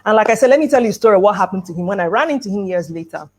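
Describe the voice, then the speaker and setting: Racing along with lively intonation, a middle-aged woman with a medium-pitched voice recounts a personal story at an education conference, acting out the dialogue with light laughter. She's heard through a video call microphone.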